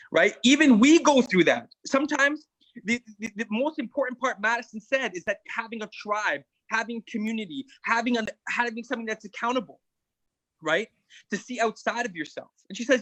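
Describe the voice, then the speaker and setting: A man's voice: high voice, fairly quick, bright, forceful tone, no echo, low-quality recording. A man coaching a weight-loss group, talking emphatically and often checking in with "right?". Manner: emphatic, keeps asking "right?". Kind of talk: motivational group talk.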